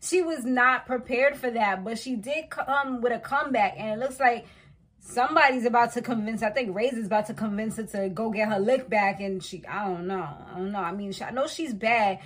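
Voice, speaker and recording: A woman's voice: fairly high pitch, moderate pace, fairly bright tone. A woman giving a casual, chatty reality show recap, slangy and laughing often.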